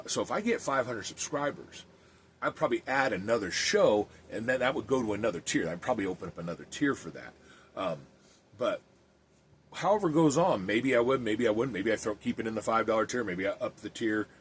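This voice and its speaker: A man's voice: medium pitch, a little hiss or hum. A man who is an evangelist and podcast host, talking earnestly and plainly with some restarts and reading aloud.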